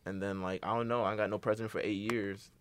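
A man's voice: lowish voice, flat delivery, quick pace, a little hiss or hum. A young man co-hosting a podcast in casual chat, loose and profane, joking and laughing often. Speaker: podcast co-host.

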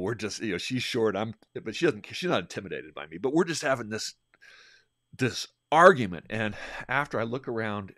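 Low-voiced man telling a workplace story. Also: a bit bright, no echo, studio quality. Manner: rambling, restarts and acts out quotes. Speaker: podcast host, leadership trainer. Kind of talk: conversational storytelling.

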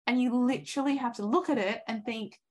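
A woman in her thirties giving an earnest, encouraging coaching talk, acting out inner thoughts in lively voices. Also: fairly high pitch, a little fast. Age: 30s.

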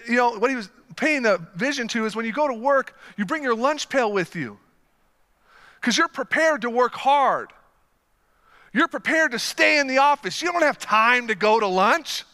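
Energetic young man preaching in a reverberant hall. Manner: energetic storytelling, swings from low asides to loud excited bursts. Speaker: pastor. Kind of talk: sermon.

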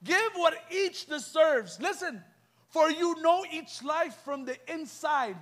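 A man's voice: very high-pitched, animated, takes it slowly, fairly bright tone. A young adult man giving an impassioned youth sermon, firing rhetorical questions at the crowd. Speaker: youth preacher. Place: church youth event.

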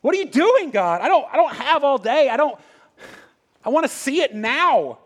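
A man putting on an impatient high-pitched prophet. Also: normal speed. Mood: exasperated. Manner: excited, pleading, loud and high. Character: impatient eager biblical prophet, middle-aged man.

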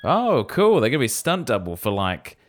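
A man co-hosting a podcast in casual chat, enthusiastic and speculative as he thinks out loud. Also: mid-range voice, wildly swooping pitch, moderate pace, background noise. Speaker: podcast co-host.

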